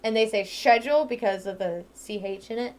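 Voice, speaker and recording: Playing a game, a young Ohio woman who hosts let's-plays rambles in casual chat, full of "um" and "like," with quick laughter. She speaks briskly in a steady, mid-range voice with a darkish tone.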